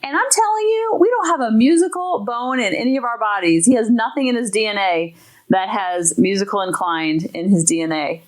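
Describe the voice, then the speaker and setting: A woman's voice: fairly high pitch, brisk. A woman hosting a parenting podcast, talking in an emphatic, enthusiastic way. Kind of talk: podcast talk.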